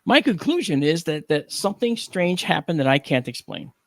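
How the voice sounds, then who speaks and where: A middle-aged man on a talk panel, telling a story with animated, acted-out dialogue and frequent 'okay?' check-ins. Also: fairly high pitch, moderate pace, vocal fry, no room sound, studio quality. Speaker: panel guest.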